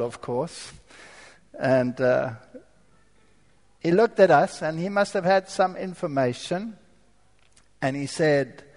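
High-voiced man preaching in a reverberant hall. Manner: animated storytelling with rhetorical questions to the audience. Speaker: preacher giving his testimony. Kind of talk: storytelling sermon.

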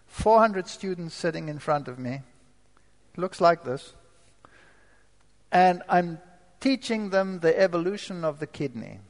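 High-voiced man telling a testimony. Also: long reverb tail. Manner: storytelling, dramatic shifts from quiet to forceful. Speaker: former professor giving a testimony. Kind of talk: testimony talk to an audience.

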